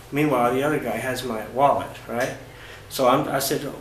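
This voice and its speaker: A man's voice: medium pitch, steady tone, fairly bright tone. Roomy-sounding man telling a travel story. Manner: halting, many fillers and restarts. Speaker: travel vlogger. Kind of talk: casual first-person storytelling. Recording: roomy echo with faint ambient noise.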